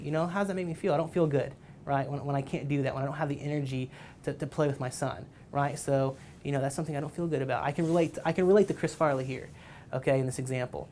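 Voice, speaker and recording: A man's voice: on the high side, steady tone, fast talker, a little mellow, slight background noise. A man giving a casual tutorial lecture on ad copy, rambling and checking in with "right?" and "you know" again and again. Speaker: marketing teacher.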